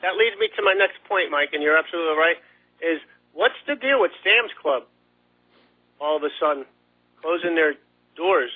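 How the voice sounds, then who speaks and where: A man's voice: on the high side, lively intonation, normal speed, pauses often. A man calling in to a radio talk show, rambling and stammering with repeated words. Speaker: caller. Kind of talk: phone-in talk. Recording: tinny phone line.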